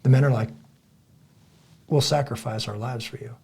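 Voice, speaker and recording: A man with a gravelly, husky voice co-hosts a casual podcast. He tells stories with energy and acts out the lines he quotes. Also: medium pitch, moderate pace. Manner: animated storyteller, acts out quoted dialogue loudly. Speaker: podcast co-host.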